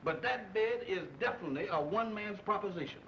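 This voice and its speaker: An actor playing a boastful, easily frightened man in a 1940s film comedy, fast-talking and squealing when scared. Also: heavily acted. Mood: bossy. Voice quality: high, excitable voice. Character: jittery boastful male hotel worker, easily scared. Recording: dull old film soundtrack with faint hiss.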